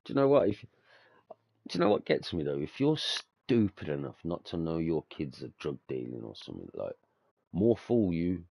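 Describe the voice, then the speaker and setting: A young man hosting a podcast tells stories in casual chat, swearing freely, laughing often and using slang like mate and bruv. His bass voice is sing-song, gravelly and darkish, at a normal speed. The recording is dry.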